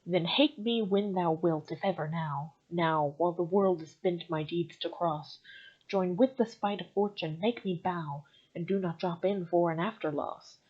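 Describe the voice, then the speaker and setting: A young woman with a somewhat low, breathy-husky voice recites verse and then breaks into wry, self-mocking commentary. The sound is muffled and lo-fi, like a simple home recording. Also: measured pace. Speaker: vlogger. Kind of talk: reading sonnets aloud with casual commentary.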